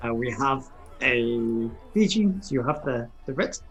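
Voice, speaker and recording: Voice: medium pitch, lively intonation, a little slow, soft background music, rough recording. A player speaking in character in a tabletop game, courteous and slightly hesitant.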